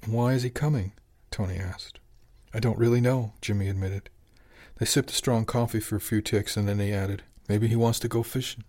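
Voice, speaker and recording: A man reading a novel aloud as narrator, even in his storytelling and lifting his voice for the characters' lines. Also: on the low side, moderate pace. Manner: even storytelling, lifts into dialogue. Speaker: audiobook narrator. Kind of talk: scripted narration.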